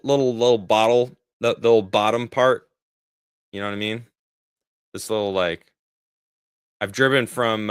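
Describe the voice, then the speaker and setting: A man's voice: fairly low pitch, fairly bright tone, clean tone, no echo, clean studio sound. A man in his forties, rambling in a casual livestream as he answers viewer chat, often laughing. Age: 40s. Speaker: streamer reading viewer chat.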